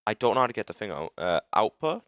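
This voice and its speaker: Young British guy streamer, low and smooth, dry close mic, rambly and sweary. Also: very animated, a bit bright, dry recording. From Britain. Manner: rambling, self-interrupting, swearing, quick to frustration. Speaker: livestreamer. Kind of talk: casual live-stream chat while game building.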